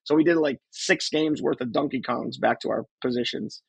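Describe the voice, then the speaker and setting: A man's voice: medium pitch, normal speed, gravelly, husky, no room sound, low-quality recording. A middle-aged man from New Jersey with a New Jersey accent, co-hosting a casual sports chat and rambling with repeated words. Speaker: podcast co-host.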